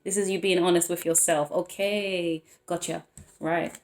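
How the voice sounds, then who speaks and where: A woman's voice: fairly low pitch, steady tone, measured pace. A woman giving a casual tarot reading, rambling and breaking off mid-thought with frequent small laughs. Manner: rambling, self-interrupting, laughs often. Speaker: tarot reader. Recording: roomy echo.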